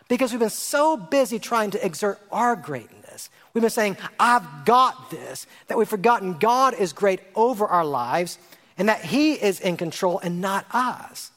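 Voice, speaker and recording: A male pastor preaching a sermon, lively and rhetorical, repeating phrases and asking his congregation questions. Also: very high voice. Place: church sanctuary. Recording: long hall reverb.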